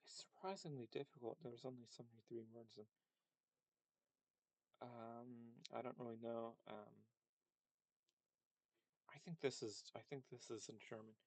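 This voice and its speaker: A man teaching a casual screen-share language lesson, thinking aloud with many ums and pauses. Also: medium pitch, steady tone, darkish tone, no room sound, poor audio.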